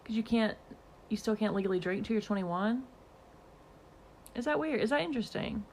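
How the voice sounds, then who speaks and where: A woman's voice: mid-range voice, expressive, normal speed, a little mellow, slight background noise. A woman from Georgia, chatting casually to camera as a vlogger and asking her viewers playful questions, with the odd curse. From Georgia, USA.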